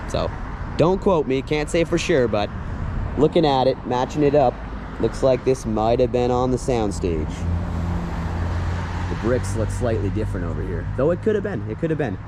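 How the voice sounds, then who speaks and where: An excited man narrating a casual walk-and-talk outdoors, chuckling often as he retells scenes. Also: medium pitch, normal speed. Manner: excited, chuckles often, acts out movie lines. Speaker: filming-location vlogger. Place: outdoors on streets and a driveway. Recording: outdoor traffic noise.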